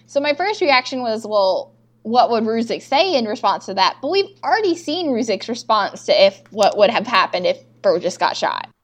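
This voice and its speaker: A woman's voice: on the high side, big pitch swings, moderate pace. A young woman co-hosting a podcast, casually recapping TV scenes and acting out the characters' lines. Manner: chatty, recounts scenes with quoted lines. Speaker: podcast co-host.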